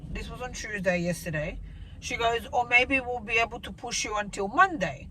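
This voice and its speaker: A woman's voice: a little high, moderate pace, sharp tone, slight background noise, low-quality recording. A woman in her thirties telling a rambling, emotional story straight to camera in a casual vlog update. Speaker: vlogger.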